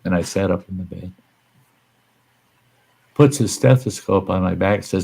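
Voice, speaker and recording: A man's voice: deep voice, unhurried, vocal fry, dark tone, breathy edge. A man hosting a casual livestream chat, telling stories bluntly with plenty of swearing and acting out the people in them. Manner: blunt, profane, acts out the people in his stories. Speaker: livestream host.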